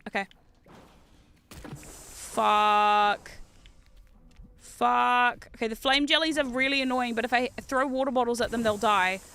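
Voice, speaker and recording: A woman with a New Zealand accent giving casual gameplay commentary as a streamer. She talks loudly and excitably and swears a lot. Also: high voice. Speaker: VTuber streamer.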